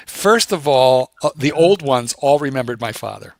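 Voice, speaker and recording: A man co-hosting a livestream, telling a story in a casual, animated way and swearing freely. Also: mid-range voice, moderate pace, creaky, no room sound, clean studio sound. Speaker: co-host.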